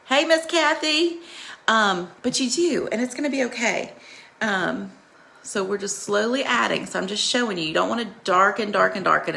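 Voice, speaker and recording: A woman's voice: medium pitch, creaky, bright, forceful tone. A woman hosting a live makeup tutorial, chatting and greeting viewers by name while coaching them through each step in a reassuring way.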